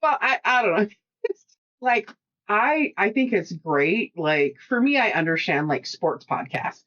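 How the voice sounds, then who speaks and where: A woman's voice: medium pitch, expressive, unhurried, fairly bright tone. Rambling lo-fi woman podcaster. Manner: rambling, laughs often, many restarts. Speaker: podcast co-host. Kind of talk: casual chat. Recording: dull lo-fi podcast audio.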